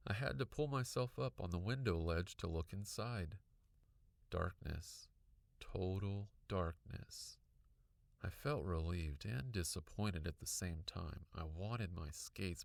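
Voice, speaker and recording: A man reading a children's story aloud, narrating in a lively, expressive manner. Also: sits low, gravelly, dry recording. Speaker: audiobook reader.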